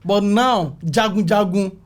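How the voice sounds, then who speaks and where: A middle-aged man with a Nigerian accent, a film makeup artist telling his story as an interview guest and acting out the voices of people calling him. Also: a little slow. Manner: animated, acts out calls and quotes with rising pitch.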